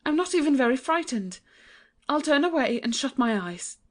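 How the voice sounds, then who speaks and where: A woman voicing a gentle, trusting young princess in a dramatized audiobook, innocent and pleading. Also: sits high, very animated, moderate pace. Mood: brave.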